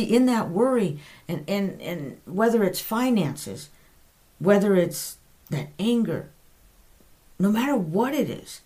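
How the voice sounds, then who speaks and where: A woman's voice: mid-range voice, a little mellow. A woman hosting a podcast, giving an earnest, conversational Bible teaching and correcting herself aloud as she goes.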